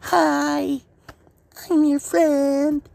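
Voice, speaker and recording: A man doing a bubbly, excitable young ninja boy. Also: very high-pitched, extremely slow, creaky, voice pushed up, full character voice. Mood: excited. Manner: excitable, gushing, loud bursts.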